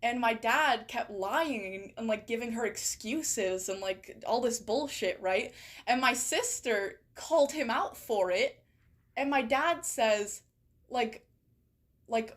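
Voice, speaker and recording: Chatty, rambling woman, a little high. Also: slow. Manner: rambling and chatty, with many "like" and "right?" asides and frequent swearing. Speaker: streamer reading viewer stories. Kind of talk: casual chat.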